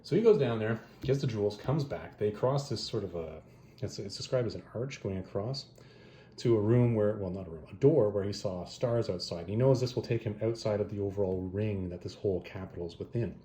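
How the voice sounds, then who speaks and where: A man casually retelling a fantasy story and reviewing comic adaptations, rambling and animated, correcting himself as he goes. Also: on the low side, brisk, a little hiss or hum. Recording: roomy echo.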